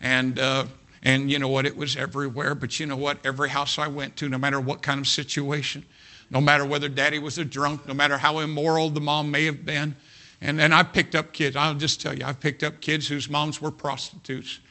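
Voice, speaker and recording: A man preaching a sermon built around a personal story, folksy, full of "you know what", swinging between hushed and loud. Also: a little high, little pitch movement, fairly quick.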